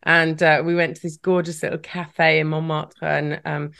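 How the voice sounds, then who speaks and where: A woman's voice: low-pitched, little pitch movement, normal speed, creaky, a bit bright. A woman talking as a podcast guest in casual chat, chatty and laughing often.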